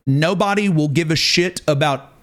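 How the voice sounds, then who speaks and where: A man's voice: fairly high pitch, moderate pace. A male streamer chatting live, ranting emphatically and repeating words for effect. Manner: animated, ranting, emphatic repetition.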